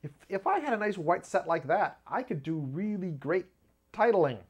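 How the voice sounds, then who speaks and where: A man's voice: normal speed, breathy edge. A man hosting his own show, talking in a rambling, self-mocking way and often laughing at his own jokes. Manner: lively pitch jumps when acting out quotes. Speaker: video show host. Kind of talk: casual comedic monologue. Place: home studio with black curtain behind.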